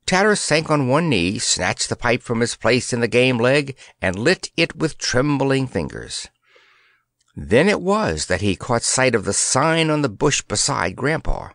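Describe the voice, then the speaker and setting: Slow, expressive male audiobook narrator. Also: medium pitch, creaky, no echo, studio quality. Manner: expressive, measured.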